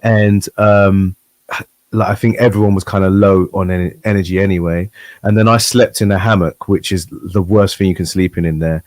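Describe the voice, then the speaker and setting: A man's voice: low-pitched, steady tone, normal speed, a little mellow, no room sound. A man, a guest on a chat show, telling a story animatedly and acting out the voices of the people in it. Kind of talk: casual chat.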